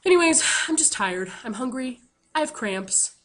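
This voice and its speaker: A woman's voice: sits high, lively intonation, normal speed. A woman telling a funny story to her camera in a chatty, self-mocking way, full of fillers. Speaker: vlogger.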